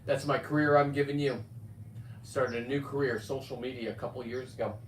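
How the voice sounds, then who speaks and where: A man's voice: mid-range voice, steady tone, fairly quick, slight background noise. Rambling man in his fifties, echoey. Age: 50s. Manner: rambling, loud outbursts, swears freely. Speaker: livestreamer reading viewer comments. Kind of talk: rambling live-stream chat. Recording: echoey, distant from the mic.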